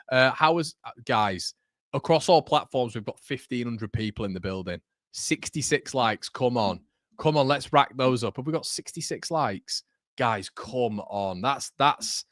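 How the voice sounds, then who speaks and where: A young man hosting a live football watchalong, chatty and excitable, jumping from loud outbursts to muttering. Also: mid-range voice, no echo, clean studio sound. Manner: excitable, chatty, swings between shouting and muttering. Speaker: watchalong host. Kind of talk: live match watchalong commentary.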